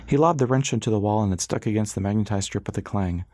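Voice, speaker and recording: In clean studio audio without any room sound, a low-voiced man narrates an audiobook. His storytelling stays steady and measured.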